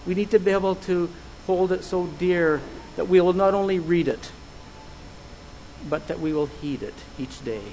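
A man preaching a sermon, earnest and measured, putting searching questions to his listeners. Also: sits high, a little hiss or hum, rough recording.

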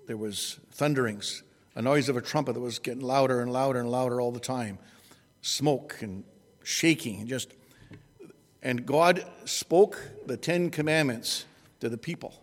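A man preaching an expository sermon at an unhurried pace, often restarting and correcting himself. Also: mid-range voice, big-room sound.

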